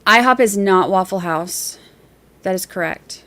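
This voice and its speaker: A woman's voice: medium pitch, a little slow, bright, forceful tone. A woman hosting a casual livestream, reading viewer messages aloud and chatting in a rambling, easygoing way with easy laughs.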